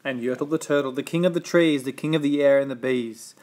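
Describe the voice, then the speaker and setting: A man's voice: medium pitch, fairly quick, a little mellow. Man reading a rhyming storybook aloud. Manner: rhythmic, sing-song rhyming delivery.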